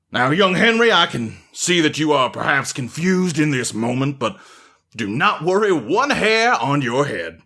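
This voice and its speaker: A man's voice: on the high side, pushed and bright, voice pushed up, heavily acted. A man voicing an ancient, long-winded head butler who speaks with grand, formal politeness. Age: older. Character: ancient pompous male estate head butler.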